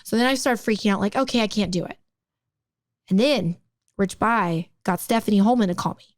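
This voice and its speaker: A woman in her thirties, from the United States, co-hosting a podcast and telling a story in a casual, animated way, peppered with "like". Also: medium pitch, fairly quick, dry recording. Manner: animated, acts out quoted people, frequent "like". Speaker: podcast co-host.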